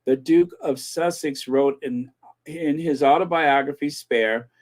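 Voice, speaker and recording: A slow-talking man hosting a commentary channel, with a voice on the higher side. He rambles in casual chat, laughing between words and repeating himself. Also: darkish tone.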